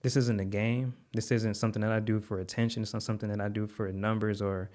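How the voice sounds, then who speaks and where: A man's voice: on the low side, flat delivery, quick pace, a little mellow. A man, a podcast guest and content creator, telling an earnest story in conversation, heartfelt, with repeated words and many fillers.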